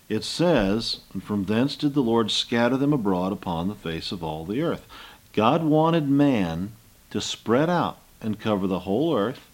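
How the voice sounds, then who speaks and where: A man's voice: fairly low pitch, darkish tone. An older man giving a Bible lesson, reading scripture and retelling the story in a folksy, storytelling way. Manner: folksy storytelling, acts out scenes with rising voice. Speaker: Bible teacher.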